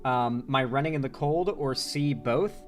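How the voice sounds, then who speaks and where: A man's voice: medium pitch, unhurried, faint music behind. A man from Florida chatting casually on a live stream, rambling and swearing, with a sore throat. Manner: rambling, profane, excitable. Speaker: political commentary streamer.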